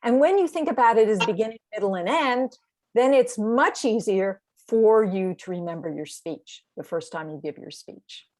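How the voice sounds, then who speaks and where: Over a video call, a woman directs an online speech training session, walking through assignments in an encouraging, step-by-step manner. Her medium-pitched voice is darkish, with lively intonation and a moderate pace.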